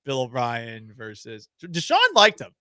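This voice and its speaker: A man's voice: medium pitch, big pitch swings, measured pace, sharp tone, clean tone, no echo, clean studio sound. A man hosting a sports radio show, chatting casually, often laughing and letting his voice drop to a mumble. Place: radio studio. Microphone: studio mic.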